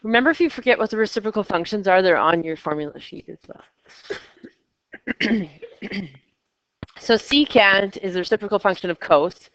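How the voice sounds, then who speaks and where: A woman's voice: medium pitch, animated, normal speed, long pauses, a bit bright, dry recording, highs cut off. A woman teaching a math class, chatty and coaxing her students with questions. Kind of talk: classroom lecture.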